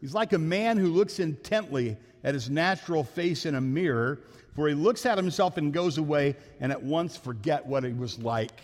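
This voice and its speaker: A man preaching a sermon as pastor, talking fast and telling jokes in a church sanctuary. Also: on the high side. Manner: fast-talking, joking storyteller. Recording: long hall reverb.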